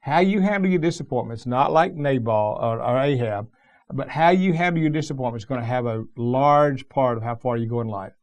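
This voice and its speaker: A man's voice: medium pitch, a little fast. A middle-aged male pastor preaching a sermon in a folksy, plain-spoken storytelling way, with emphatic asides.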